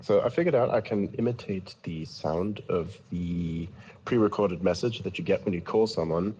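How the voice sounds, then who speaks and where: A man's voice: sits low, normal speed, mellow, muffled recording, slight background noise. A man casually telling prank-call stories in a rambling, stammering way. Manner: rambling, stammering restarts, chuckling. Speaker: storyteller in a voice chat. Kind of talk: casual storytelling.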